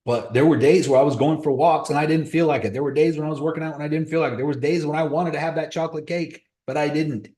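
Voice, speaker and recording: A man's voice: on the high side, steady tone, fast talker, hardly any pauses, dark tone. Blunt man talking in an echoey room. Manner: blunt, motivational, storytelling. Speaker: host of a crypto trading webinar. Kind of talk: casual live-stream talk. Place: room on a video call.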